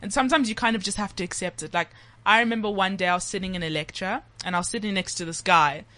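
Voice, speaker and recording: A woman's voice: mid-range voice, fast talker. A young woman, co-hosting a casual radio chat and telling stories with acted-out quotes. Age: young adult. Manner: animated storyteller, acts out quotes. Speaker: radio show co-host.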